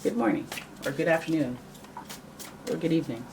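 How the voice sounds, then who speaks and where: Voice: medium pitch, brisk, darkish tone. A tarot reader from Canada, giving a casual, joking reading to camera and thinking aloud. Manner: chatty, joking, thinks aloud and corrects itself. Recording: voice a little far from the mic, faint background noise.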